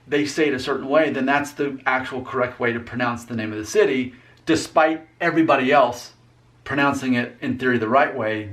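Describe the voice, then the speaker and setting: A man's voice: mid-range voice, a bit bright. A young man from Alabama chatting casually as a vlog host, explaining things in an easygoing, rambling and teasing way. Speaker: vlogger host. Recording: voice a little off-mic.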